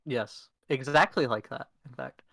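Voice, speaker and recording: A man acting as game master, narrating a tabletop game over voice chat in a relaxed, self-deprecating way. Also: mid-range voice, measured pace, dry recording.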